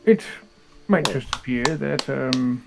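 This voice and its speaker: A man's voice: mid-range voice, slow pace, gravelly, over music, rough recording. A man playing a tabletop game, speaking in a formal, polite and hesitant way. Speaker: player. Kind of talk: in-character tabletop play.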